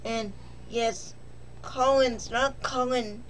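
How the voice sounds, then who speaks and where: Unhurried, slightly high-voiced joking woman. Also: fairly even intonation, a little hiss or hum. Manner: rambling, joking, self-deprecating. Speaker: vlogger reviewing a film. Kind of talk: casual spoken film recap.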